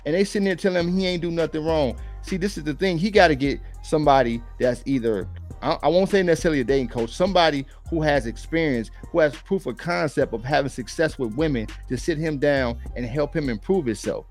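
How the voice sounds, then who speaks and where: A man's voice: on the high side, fairly quick, a little mellow, faint music behind. A man giving casual reaction commentary on dating, blunt and preachy, full of slang.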